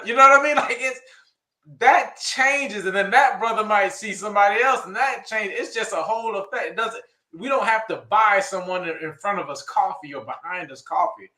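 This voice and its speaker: High bright-voiced guy, folksy and earnest, keeps repeating himself, echoey room. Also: lively intonation, brisk. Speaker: co-host. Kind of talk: casual chat.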